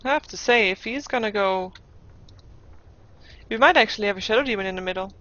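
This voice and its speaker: A woman working as an esports caster gives live game commentary, thinking aloud with playful asides and frequently restarting her sentences. Her mid-range voice is fairly quick and fairly bright, captured on a dull lo-fi recording.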